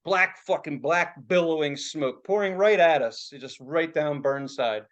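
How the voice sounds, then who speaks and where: A man's voice: a little high, unhurried, dull audio. A man from Philadelphia, co-hosting a podcast and telling a rambling, profane story in casual chat, laughing as he goes. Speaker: podcast co-host.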